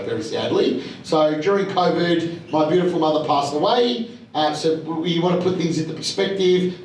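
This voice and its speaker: A man's voice: on the high side, darkish tone. A man with an Australian accent talks casually and bluntly to a live audience at an investor evening, with lots of fillers and acted-out quotes. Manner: blunt and chatty, with many fillers and voiced quotes. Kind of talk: casual storytelling talk to an audience. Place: large room at a live event. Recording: roomy echo, speaker heard from some distance, faint background hum.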